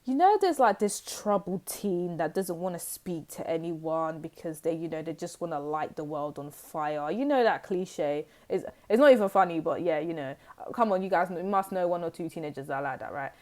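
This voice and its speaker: A woman's voice: lowish voice, expressive, a little fast, few pauses, darkish tone. A woman giving a casual, rambling tarot reading to her viewers, full of fillers and asides. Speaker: tarot reader.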